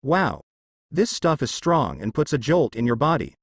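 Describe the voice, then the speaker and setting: A gravelly old drunk with a blunt, jovial streak, read by a man. The voice climbs and falls freely, and the recording is dry and close. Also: medium pitch, very animated, normal speed, no echo. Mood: gruff, jovial.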